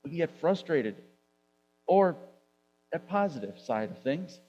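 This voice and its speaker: A man's voice: fairly high pitch, very animated, unhurried, pauses often, warm tone, dull audio, faint music behind. A male pastor preaching a sermon in a church, speaking conversationally and posing rhetorical questions to the congregation. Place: church sanctuary.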